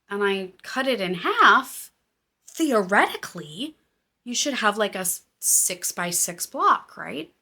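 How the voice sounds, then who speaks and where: A woman hosting a casual knitting and crafts podcast, chatty and excitable with a self-deprecating manner. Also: on the high side. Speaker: podcast host. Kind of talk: casual chat.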